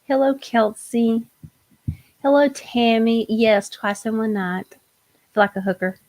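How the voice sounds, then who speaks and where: A woman's voice: on the high side, unhurried, darkish tone. A woman hosting a live tarot reading show, chatting casually and energetically with viewers. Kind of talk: casual live-stream chat.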